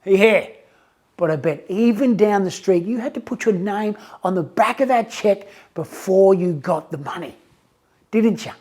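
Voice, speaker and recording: A man voicing a patient bank teller who speaks calmly and evenly. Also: high-pitched. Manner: calm, measured, quiet.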